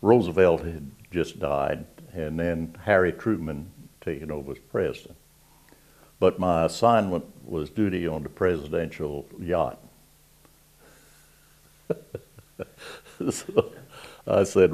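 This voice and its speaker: Old southern guy from south carolina, real low gravelly voice, folksy and rambling. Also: slow, pauses often, a little mellow. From Georgetown, South Carolina. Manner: folksy, rambling, chuckling between tales. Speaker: WWII navy veteran interviewee. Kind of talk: oral history storytelling.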